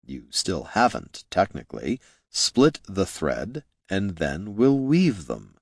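Storybook figure: a man playing a cold wizard tutor, deep, slow, curt orders, dry sound. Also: vocal fry, slightly rough, no echo, heavily acted. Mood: stern. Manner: slow, flat, curt commands. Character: impassive stern male wizard teacher.

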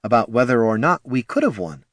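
A man's voice: mid-range voice, lively intonation, fairly quick, no echo, studio quality, pitched above the performer's own voice. A man voicing a confident female elf ranger who coaxes and persuades. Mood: coaxing. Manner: coaxing, persuasive, sure of herself.

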